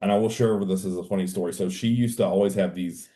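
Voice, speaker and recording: A man hosting a casual podcast chat as a coach, speaking in an easygoing, soft-spoken way that trails off. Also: sits low, fairly even intonation, fast.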